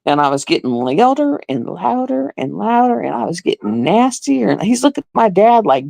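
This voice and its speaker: Gravelly, indignant woman telling a story. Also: mid-range voice, big pitch swings, moderate pace, hardly any pauses, a little mellow, no room sound. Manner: indignant, repeats herself, acts out others in a raised voice. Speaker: live streamer. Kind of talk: casual storytelling on a live stream.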